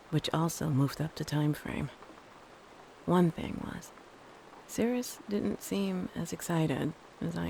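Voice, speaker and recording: Reading a scary story told in the first person, this narrator has a mid-range, somewhat dark voice with vocal fry and slips in dry, wry asides. Faint thunderstorm sounds and slight background noise are audible.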